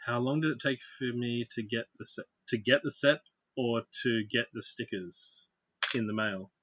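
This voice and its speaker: A man's voice: mid-range voice, normal speed, fairly bright tone, slightly rough. A man hosting a casual livestream, chatting and greeting viewers by name while he builds. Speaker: livestream host.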